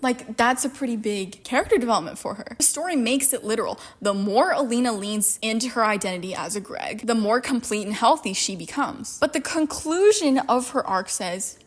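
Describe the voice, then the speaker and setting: A woman's voice: a little high, expressive, fairly quick, hardly any pauses. A young woman giving a sarcastic, exasperated, profane rant about a book. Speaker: book commentary vlogger. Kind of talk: ranting book commentary.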